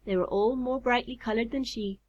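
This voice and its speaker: A woman reading a children's story aloud in a calm, measured way. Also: fairly high pitch. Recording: slightly muffled recording.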